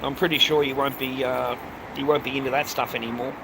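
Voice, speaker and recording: A man's voice: mid-range voice, little pitch movement, a little fast, gravelly. Rambling Australian man by a busy road. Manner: rambling, swears, says "mate" constantly. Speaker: live streamer. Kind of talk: casual live-stream chat. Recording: noisy outdoor traffic.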